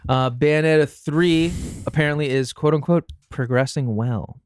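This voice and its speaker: A man's voice: fairly high pitch, moderate pace, clean tone, dry recording, clean studio sound. A young man co-hosting a casual gaming podcast, reading news in a chatty way with many fillers and restarts.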